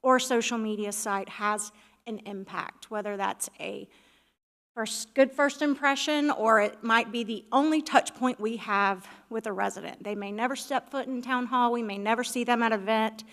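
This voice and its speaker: A woman's voice: on the high side, steady tone, moderate pace, fairly bright tone. A woman on the village staff presenting a website report to the council in an organized, friendly, explanatory way. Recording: reverberant meeting hall.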